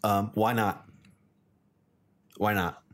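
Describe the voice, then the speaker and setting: A man from the United States, co-hosting a casual chat, chatty and quick to laugh. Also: on the low side, little pitch movement, fairly bright tone. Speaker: co-host.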